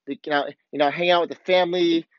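Recorded dry, dull and a little lo-fi, this man coaches surfers and gives a candid motivational talk to camera, blunt, profane and open about his own feelings. His voice is slightly high and smooth, with fairly even intonation and a quick pace.

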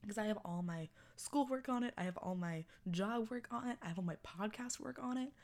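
A woman's voice: mid-range voice, brisk, darkish tone. Young woman, early twenties, podcast host, casual rambling chat, self-mocking. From Texas. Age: 20s.

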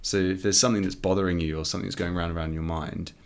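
A man's voice: low-pitched, steady tone, very fast, gravelly. A man chatting as a podcast guest, thoughtful and musing. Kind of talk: casual conversation.

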